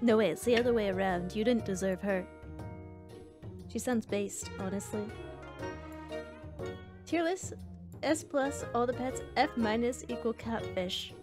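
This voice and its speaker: A young woman streaming a game, chatting casually with her chat and reacting loudly to each round. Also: fairly high pitch, measured pace, long pauses. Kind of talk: casual gameplay commentary. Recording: faint background music.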